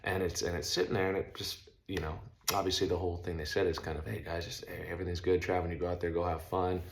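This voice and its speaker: A middle-aged man casually telling a story on his vlog, loose and slangy, breaking into loud sound effects. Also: low-pitched, flat delivery, fast talker, gravelly. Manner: laid-back, uses slang like stoked and dope.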